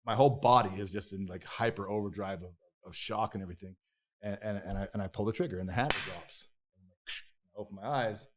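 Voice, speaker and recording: A man with a fairly low-pitched voice, a guest on an interview podcast, recounting his own story. He talks in a raw, emotional way, swears freely and restarts his sentences often. He also voices his past thoughts as quoted self-talk. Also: fast talker, heavy background noise. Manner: raw, profane and emotional, with many restarts and repeated phrases.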